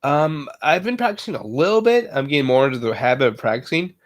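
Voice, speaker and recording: A man livestreaming, chatting casually with viewers in a halting way, full of fillers and self-corrections. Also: a little high, animated. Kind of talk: casual live chat.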